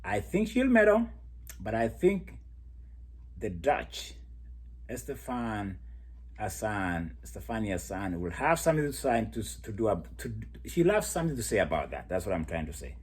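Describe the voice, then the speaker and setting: A man giving a casual, animated monologue analyzing track races, often laughing as he talks. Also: lowish voice, normal speed, husky. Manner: laughs often while talking, animated storytelling. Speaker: athletics commentator.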